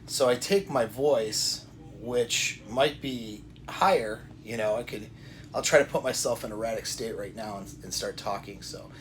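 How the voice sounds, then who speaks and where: A man talking straight to the camera with coaching advice, deliberate and repetitive, often restarting his sentences. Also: mid-range voice, a little hiss or hum. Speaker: self-help coach. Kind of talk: direct-to-camera advice talk.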